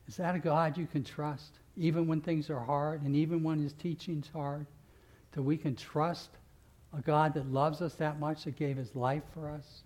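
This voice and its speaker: A man preaching a sermon as pastor, leading his congregation in call-and-response and closing in earnest prayer. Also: fairly high pitch. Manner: builds to loud fervent call-and-response, then earnest prayer.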